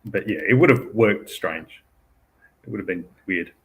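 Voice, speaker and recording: Hesitant Australian man, low voice. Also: creaky, fairly bright tone, breathy edge, rough recording. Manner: hesitant, lots of ums and quick laughs. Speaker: co-host. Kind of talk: casual live-stream chat.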